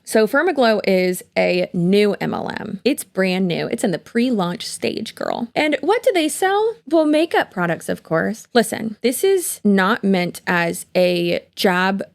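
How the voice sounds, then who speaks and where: A woman's voice: lowish voice, creaky, no echo. A young woman hosting a casual commentary vlog, sassy and sarcastic, rambling with lots of fillers while doing her makeup at home. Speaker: YouTube commentary host.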